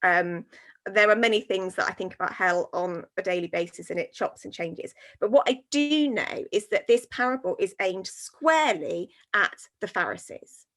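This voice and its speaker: A woman's voice: medium pitch, moderate pace, fairly bright tone. A woman minister in a reflective discussion, talking earnestly and from the heart, with many fillers and restarts. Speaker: guest minister.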